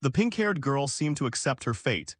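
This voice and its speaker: Lively-voiced male story recap narrator. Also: mid-range voice, normal speed, no room sound, clean studio sound.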